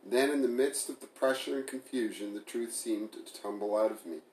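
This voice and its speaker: Male audiobook narrator, measured; low-pitched, roomy echo. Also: a little mellow, a little hiss or hum. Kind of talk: first-person novel reading.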